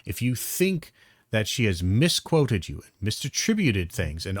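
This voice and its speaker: A man's voice: lowish voice, big pitch swings, a little slow, no room sound, studio quality. A man giving blunt, profane reaction commentary, exasperated and full of restarts. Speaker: commentary streamer.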